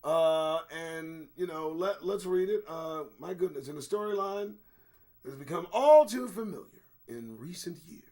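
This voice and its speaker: A middle-aged man hosting a live-streamed news commentary show, talking bluntly and profanely, his voice a little strained, swinging between low quiet stretches and sudden loud bursts. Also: animated, a little slow. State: voice recovering from strain.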